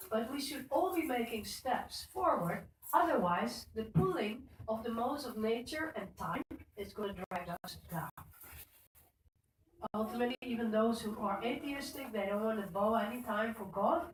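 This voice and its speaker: A woman's voice: a little high, expressive, normal speed. A middle-aged woman giving an informal devotional talk at a temple and speaking to listeners by name. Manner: conversational, addresses listeners by name. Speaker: speaker at a temple Sunday program. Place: temple hall. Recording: echoey room, speaker far from mic, faint noise.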